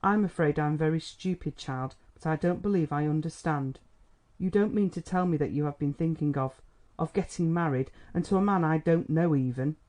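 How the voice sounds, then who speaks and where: A man's voice: on the high side, moderate pace, a little mellow, close to an everyday voice. A man reading an audiobook, voicing a stern, brusque middle-aged country doctor questioning a suitor. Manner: testy and brusque.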